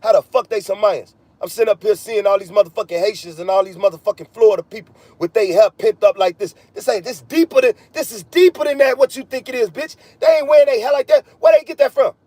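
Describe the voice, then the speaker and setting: A man talks in a heated, profane rant, his voice sitting fairly high. He swears constantly and jumps from point to point in a freewheeling podcast monologue. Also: steady tone, fast, few pauses, warm tone, no echo. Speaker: podcast host.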